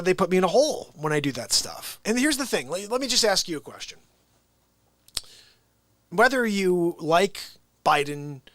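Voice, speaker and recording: A male comedian and host rambling through a casual comic monologue, lively and prone to laughing between jokes. His voice sits a little high, recorded dry and close. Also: no echo.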